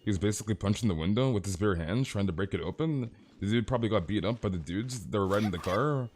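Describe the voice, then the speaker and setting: Laid-back young man streaming games, low voice. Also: lively intonation, quick pace, few pauses, a little mellow, slight background noise. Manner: rambling, calls everyone "dude", amused exclamations. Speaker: game streamer. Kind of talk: casual live-stream chat.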